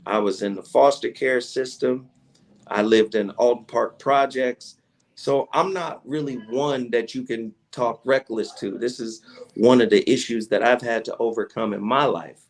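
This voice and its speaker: A man from Tennessee, a radio personality, telling a story in a casual interview, animated, slangy and profane, acting out what people said. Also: mid-range voice, a little slow. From Chattanooga, Tennessee, USA. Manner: animated storyteller who acts out quoted dialogue, with slangy profanity. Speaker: radio personality and podcast guest.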